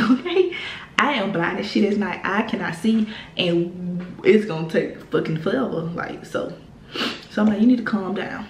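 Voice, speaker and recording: A young woman from the American South tells a rambling storytime with plenty of cursing and filler words, her pitch sitting right in the middle. Her voice bounces around an echoey room. A faint hiss runs underneath. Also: normal speed. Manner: animated, profane, rambling with many fillers. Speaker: vlogger telling a story. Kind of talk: casual storytime.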